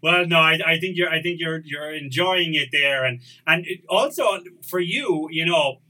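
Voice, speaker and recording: An Irish man in his forties, hosting a casual conversation, telling relaxed, joking anecdotes. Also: on the high side, moderate pace, poor audio. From Ireland.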